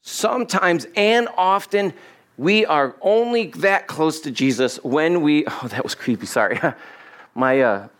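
Preaching at a measured pace with a slightly high voice, a man serving as pastor acts out the lines of people in a Bible story. His delivery is animated, and a cabled body-worn microphone records him in the church.

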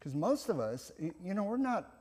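A male pastor preaching a sermon in a church, reflective and gentle, with soft laughs and restarts. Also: high-pitched, sing-song, normal speed, breathy edge, in a large hall.

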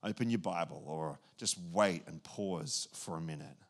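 A man voicing the Holy Spirit beckoning him, in a soft, low, coaxing tone within a sermon. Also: normal speed, vocal fry, heavily acted. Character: gentle, beckoning Holy Spirit speaking to a pastor.

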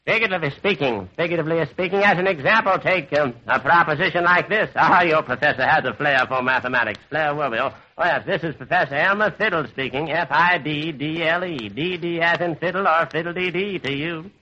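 A man's voice: a little high, brisk, few pauses, sharp tone. A man playing a muddled old professor. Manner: muddled, wordplay-filled lecturing. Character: absent-minded rambling old male professor. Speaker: host. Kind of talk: 1940s radio comedy. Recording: dull old radio recording.

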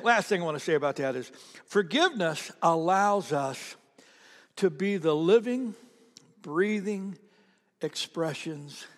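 A man's voice: on the high side, big-room sound. A man preaching a sermon as a pastor, telling a story conversationally and repeating phrases for emphasis.

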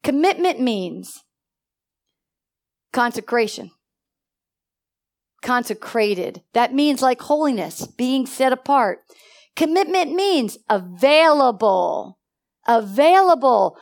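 A middle-aged woman preaching a sermon full of personal stories, swinging from hushed to loud and asking her listeners questions. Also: sits high, animated, slow, vocal fry, pauses often.

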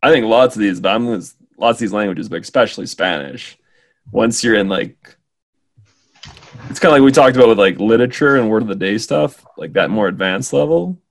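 A man co-hosting a podcast in casual chat, animated, filling his talk with "like" and dropping into Spanish. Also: on the low side, brisk. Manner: animated, says like a lot, mixes in Spanish. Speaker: podcast co-host.

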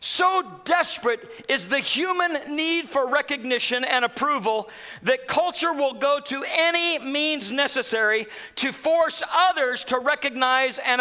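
High, bright-voiced preacher man. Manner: dramatic swings from loud to hushed. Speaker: pastor. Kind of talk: sermon.

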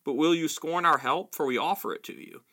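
A man reading aloud, voicing a stern but patient old male wizard who speaks in measured, grave tones. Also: fairly high pitch, bright, forceful tone.

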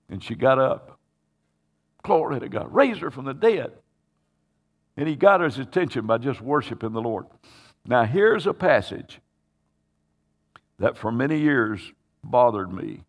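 A man preaching a sermon, telling a scripture story dramatically and acting out its voices. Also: mid-range voice. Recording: hall reverb.

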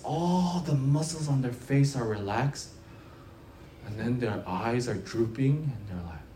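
Pastor, conversational sermon, animated storytelling, quiet to loud swings, repeated phrases. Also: medium pitch, echoey room, slight background noise.

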